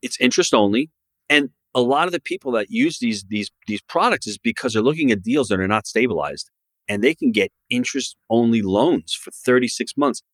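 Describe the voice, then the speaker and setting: A man's voice: medium pitch, animated, fairly quick, no echo. A man who is a guest on a podcast, talking about real estate investing in an emphatic, promotional way. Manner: emphatic, promotional advice-giving. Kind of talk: podcast interview.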